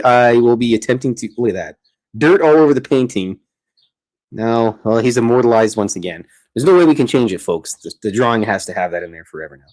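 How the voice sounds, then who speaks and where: Drawing on a casual livestream from his home art studio, a man chats, rambles, and stops himself partway through sentences. His voice sits on the low side with a darkish tone, and his manner as host is talkative and self-interrupting.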